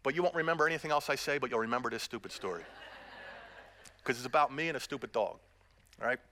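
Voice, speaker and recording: A man's voice: medium pitch, fast, pushed and bright, slight background noise. A middle-aged man preaching a sermon as pastor, earnest and direct with the congregation, mixing in self-deprecating humor.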